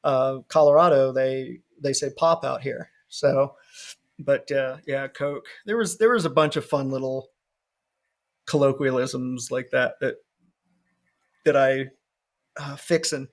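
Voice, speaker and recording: Gravelly animated podcast host. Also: male voice, medium pitch, slow pace, pauses often. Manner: swears freely, animated storyteller, laughs often. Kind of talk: casual chat.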